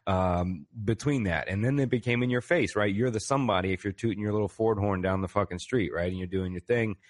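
A man's voice: on the low side, fairly quick. A man who is a podcast guest, talking in a rambling, profane way and laughing often. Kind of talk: casual conversation.

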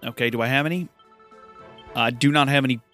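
An excitable man giving let's-play commentary, chatty and gushing. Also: medium pitch, a little fast, soft background music. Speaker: gaming streamer.

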